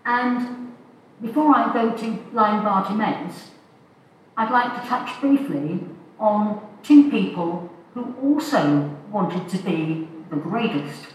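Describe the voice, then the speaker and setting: An older woman giving a sermon in a slow, measured, thoughtful way, recorded in a church. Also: medium pitch, darkish tone. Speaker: preacher. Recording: echoey church heard from a distance.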